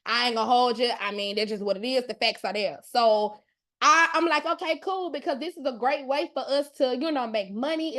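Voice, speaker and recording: A Mississippi woman in her thirties hosts a live online class, recorded on a computer mic during a video session. Her voice sits high, and she is loud, brash, and profane yet playful and chatty, talking straight to the chat.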